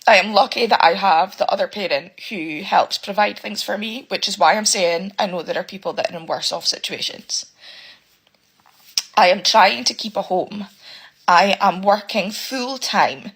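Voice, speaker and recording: A woman's voice: mid-range voice, fairly bright tone, husky. A single mother talking to the camera in an emotional rant, swearing and stumbling over her words. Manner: emotional, swearing, halting restarts. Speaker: single parent venting about living costs.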